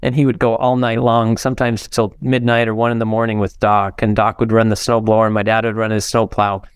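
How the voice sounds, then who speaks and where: A man's voice: fairly low pitch, flat delivery, fairly quick, smooth, dry recording, studio quality. An older man from the United States, a podcast guest telling heartfelt stories in an earnest way. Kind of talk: interview storytelling.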